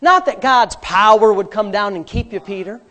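A man pastor with a fairly high voice delivers a sermon. He preaches with animation, dropping to a hush and rising loud again, and slips in humorous asides from his own life. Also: moderate pace. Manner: animated preaching with sudden swings between loud and hushed.

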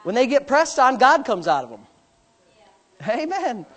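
A man preaching a sermon as pastor. He swings from loud, climbing preaching peaks to quiet, self-mocking storytelling with casual asides. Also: very high-pitched, big pitch swings, measured pace. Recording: long reverb of a large hall.

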